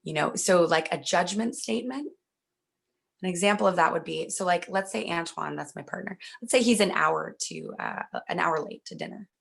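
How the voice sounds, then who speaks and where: A young woman giving an earnest, reassuring talk at a virtual event, speaking gently about communication. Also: fairly low pitch, moderate pace, gravelly, husky. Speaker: workshop speaker.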